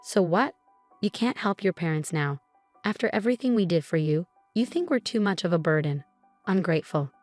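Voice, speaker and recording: A woman's voice: fairly low pitch, expressive, moderate pace, a little mellow, no echo, soft background music, close to an everyday voice. A woman voicing a pushy, scheming older mother-in-law who talks in a sweetly insistent, dismissive way. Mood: indignant.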